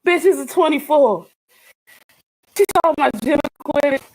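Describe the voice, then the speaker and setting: A woman's voice: high voice, normal speed, a little mellow. A woman recording a live phone video, furious and swearing constantly in an exasperated rant.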